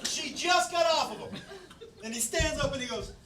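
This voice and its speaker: A male stand-up comedian telling a crude story, animated and loud, shouting his punchlines. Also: very high-pitched, normal speed. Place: comedy club stage. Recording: live club set with audience laughter and noise. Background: audience laughing.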